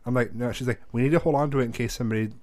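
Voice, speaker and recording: A man in his thirties telling a story in a casual chat, animated and profane, acting out the voices of the people in it. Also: medium pitch, rapid-fire, dry recording.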